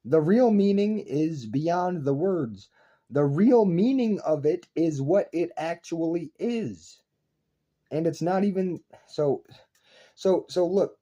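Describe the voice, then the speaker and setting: A young man delivers an intense philosophical rant straight to his audience, swearing and circling back over the same points. His voice is very dark and husky, and he talks slowly. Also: on the high side, lively intonation, muffled recording. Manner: intense, profane, repetitive, lecturing. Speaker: online video creator. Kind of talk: rambling philosophical rant to camera.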